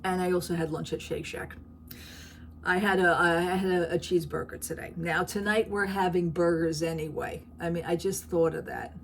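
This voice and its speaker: A woman's voice: on the low side, fairly even intonation, moderate pace, slight background noise. A middle-aged woman chatting in a rambling, talkative way for her vlog, laughing at her own stories. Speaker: vlogger. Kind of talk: casual chat.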